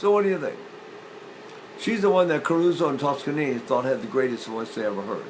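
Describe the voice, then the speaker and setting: An older man teaching singing, explaining breathing with lively demonstrations, often repeating and restarting phrases. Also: mid-range voice, fast talker, noisy background. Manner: animated, illustrating points with sung demonstrations. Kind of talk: demonstrative vocal lesson.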